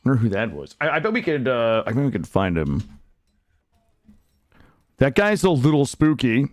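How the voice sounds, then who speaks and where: A man's voice: medium pitch, normal speed, no echo. A young man casually commenting on his game for viewers, cursing freely and chatting to his audience. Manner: animated, swearing, chatting to viewers. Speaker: streamer. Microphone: studio desk mic.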